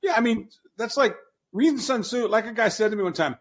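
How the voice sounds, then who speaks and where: A man's voice: high voice, lively intonation, a little fast. A man talking bluntly on a podcast, mocking and profane, with frequent restarts. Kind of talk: casual opinionated talk.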